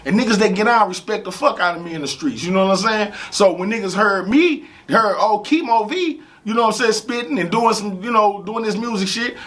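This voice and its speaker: Gravelly, animated St. man. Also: sits high, fairly quick, hardly any pauses. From St. Louis, USA. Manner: animated, profane, repeats "you know what I'm saying". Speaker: rapper interview guest. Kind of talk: casual storytelling interview.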